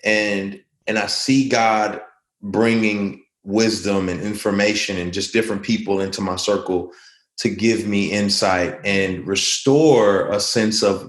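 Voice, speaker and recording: A man's voice: lowish voice, fairly even intonation, unhurried, reverberant. A man speaking as an interview guest, earnest and reflective, telling stories in a conversational way.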